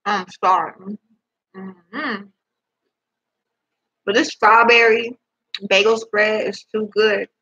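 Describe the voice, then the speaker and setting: A woman's voice: mid-range voice, steady tone, slow pace, long pauses, pushed and bright, slightly rough, lo-fi sound. A young woman vlogging casually from home into her laptop, chatty and rambling, eating as she talks and swearing in disbelief. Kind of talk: casual chat to camera. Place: at home indoors. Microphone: laptop microphone.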